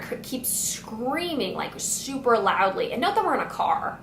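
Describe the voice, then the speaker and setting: A woman's voice: on the high side, moderate pace, hardly any pauses. A young woman vlogger telling a storytime tale with lots of "like" fillers. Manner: animated retelling full of "like" fillers. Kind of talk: storytime vlog. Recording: echoey room with faint noise.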